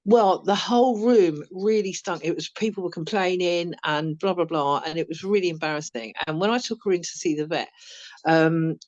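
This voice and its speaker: A middle-aged woman, a mother, tells a story about a family pet in a casual, rambling way. Her voice sits fairly low for a woman, and she often pauses on fillers. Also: a little mellow, dull audio. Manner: rambling, with many ums.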